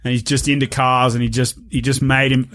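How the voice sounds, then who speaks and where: A man's voice: medium pitch, level tone, brisk, fairly bright tone, no room sound, clean studio sound. A man, a podcast guest who chats casually, swears a lot and rambles through his stories. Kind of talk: casual chat.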